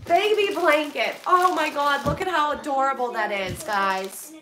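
Here a woman speaks in a high pitch, a little slowly, with noise behind her. She is a vlogger from Pennsylvania in the US, going through donated boxes while chatting with her audience and thanking them emotionally and profusely. Recorded at a distance in a reverberant room.

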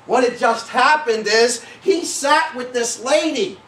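A man preaching a sermon as pastor, in a folksy, animated way that breaks into shouts. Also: very high voice, slow pace, a little hiss or hum. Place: church sanctuary. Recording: echoey church from a distance.

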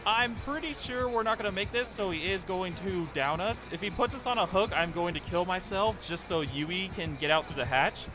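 Brief: young male gaming streamer, higher-pitched voice, excitable play-by-play, faint hiss behind. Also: normal speed, few pauses. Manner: excitable, pleading and cheering during play. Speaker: gaming YouTuber. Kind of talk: live gameplay commentary.

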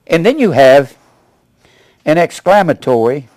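An older male pastor in his seventies delivers a sermon with a wide-swinging, animated voice. He punches key words loudly, then drops to low, quiet asides. The sound is close and dry. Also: measured pace, no echo. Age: 70s. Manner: emphatic preaching, rising to loud punches then dropping low.

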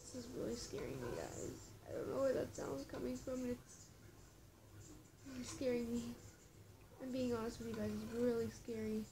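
A woman's voice: on the high side, sing-song, normal speed, long pauses, background noise. A woman giving casual, nervous commentary while playing a game, talking straight to her viewers. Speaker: gaming vlogger. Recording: music playing under the voice.

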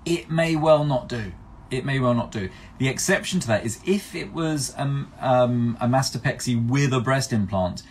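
A man's voice: medium pitch, a little hiss or hum. A man working as a plastic surgeon, answering viewer questions in a chatty live-stream Q&A. He explains step by step, thinks aloud with restarts, and pokes fun at himself.

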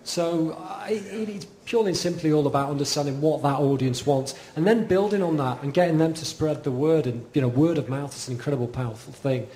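A man's voice: a little high, brisk, hardly any pauses, warm tone, slight background noise. A man giving a live talk at an event, enthusiastic and repeating words as he makes his points. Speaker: speaker at an event.

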